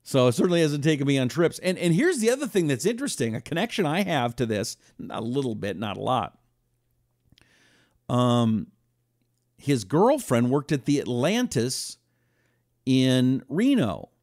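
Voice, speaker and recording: A man's voice: mid-range voice, moderate pace, no room sound, studio quality. A man hosting a talk radio show, telling stories and acting out quotes. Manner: animated storytelling, acting out quotes.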